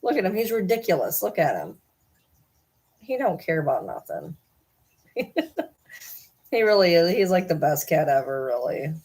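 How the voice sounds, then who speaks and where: A woman's voice: lowish voice, big pitch swings, measured pace, pauses often, darkish tone, husky. A woman vlogging casually while talking to her cat, chatty and cursing, slipping into cooing baby talk.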